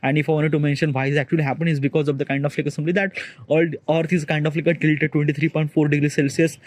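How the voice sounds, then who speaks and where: A man vlogging alone outdoors on a rooftop on a cold morning. He rambles fast with heavy fillers and keeps telling himself to slow down. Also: a little high, little pitch movement, no echo. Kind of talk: rambling solo monologue.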